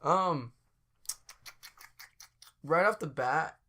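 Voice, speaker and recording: A man's voice: on the high side, lively intonation, extremely slow, pushed and bright. A man co-hosting a podcast in casual chat, rambling and searching for words, with frequent laughs. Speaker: podcast co-host.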